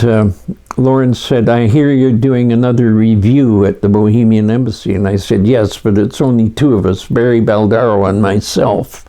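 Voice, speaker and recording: Slow, mellow older man. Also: lowish voice. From Canada. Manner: unhurried storytelling with frequent "uh" pauses. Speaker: interviewee. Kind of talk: reminiscing in a documentary interview.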